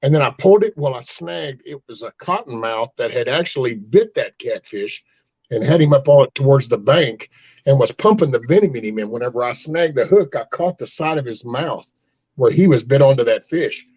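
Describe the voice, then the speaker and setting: A man's voice: medium pitch, lively intonation, normal speed, darkish tone, slightly rough, muffled recording. A man hosting an online chat and telling a loose, folksy fishing story with plenty of cussing. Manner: loose, profane, folksy yarn-spinning. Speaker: host.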